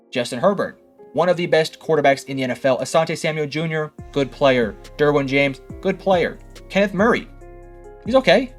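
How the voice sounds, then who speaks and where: A young man hosting a sports analysis video, talking in a sarcastic, heated way and firing rhetorical questions at fans. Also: a little high. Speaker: sports commentary host. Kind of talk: opinionated sports analysis monologue.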